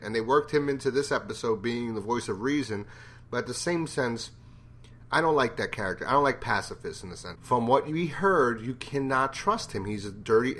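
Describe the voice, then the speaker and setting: A man's voice: mid-range voice, a bit bright. A man giving a casual, rambling TV episode review, blunt and profane in his opinions. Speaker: TV show reviewer.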